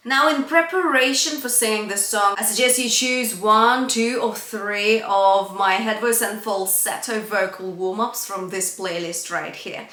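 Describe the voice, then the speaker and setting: Bright-voiced woman vocal coach, slow and echoey. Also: mid-range voice. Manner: bright, upbeat teaching, breaks into breathy sung demonstrations. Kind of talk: singing lesson with sung examples. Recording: echoey room.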